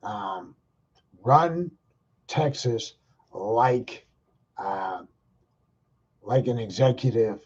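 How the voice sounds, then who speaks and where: A man's voice: fairly low pitch, extremely slow, pauses often, breathy edge, lo-fi sound. A man hosting his own show, ranting in a rambling, exasperated, profane way. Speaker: podcast host. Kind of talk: casual ranting monologue.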